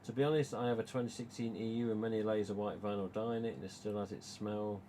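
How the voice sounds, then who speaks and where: A man's voice: on the low side, steady tone, fast, dark tone, slight background noise. Chatty English Midlands man livestreaming. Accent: English East Midlands. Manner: chatty, rambling, retells dialogue. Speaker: live stream host, mask collector. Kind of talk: casual live stream chat.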